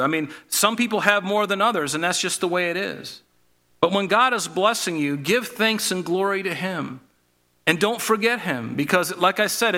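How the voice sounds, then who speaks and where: A male preacher with a bright, forceful voice that sits a little high for a man. He reads scripture passages aloud and then talks them through in a relaxed, conversational way, asking his listeners questions. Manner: addresses the listeners as folks, asks rhetorical questions. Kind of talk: sermon.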